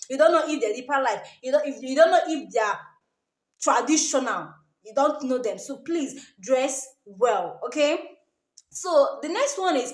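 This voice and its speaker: A woman's voice: sits high, echoey room. A woman with a Nigerian accent giving emphatic advice to camera, repeating her warnings and tagging sentences with "oh" and "okay?". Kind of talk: casual advice talk to camera.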